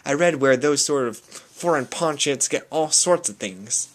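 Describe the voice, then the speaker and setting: A man's voice: mid-range voice, animated, unhurried, close to an everyday voice. A man voicing a nervous, chattering nun who works as a nurse in an audiobook reading. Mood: flustered chatter. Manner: nervous, babbling small talk.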